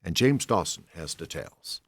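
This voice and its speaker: A man hosting a public radio news program, reading the day's stories in a measured, conversational delivery from a studio microphone. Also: low voice, lively intonation, a bit bright, no echo. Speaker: news host.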